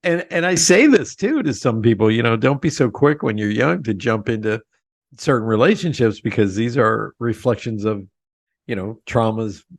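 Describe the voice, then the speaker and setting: A man's voice: mid-range voice, animated, moderate pace, creaky, dry recording, clean studio sound. A man hosting an interview show, talking reflectively and speaking straight to his listeners. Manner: reflective, addresses listeners directly. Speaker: podcast host. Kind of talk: casual conversational interview.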